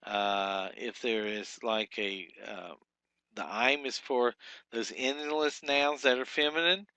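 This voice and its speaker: Slow halting man teaching Hebrew. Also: mid-range voice, fairly even intonation, bright, forceful tone, clean tone, no echo. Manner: halting, many fillers and restarts. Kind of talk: lecture with slides.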